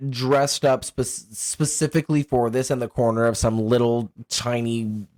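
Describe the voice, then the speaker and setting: A man co-hosting a podcast, recapping a film plot in a casual, animated way and laughing often. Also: mid-range voice, unhurried, no echo, clean studio sound. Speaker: podcast co-host. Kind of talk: casual film review chat.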